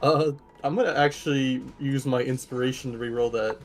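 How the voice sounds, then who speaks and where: A man in a casual, jokey way, playing a tabletop game with friends and talking at a mid-range pitch. Music plays clearly behind his voice. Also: fairly even intonation, brisk. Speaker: player.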